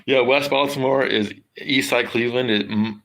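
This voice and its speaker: A man, rambling casually to his livestream audience, halting and restarting often and swearing a lot. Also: mid-range voice, fairly even intonation, a bit bright, slight background noise. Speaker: livestream host. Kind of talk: rambling casual stream chat.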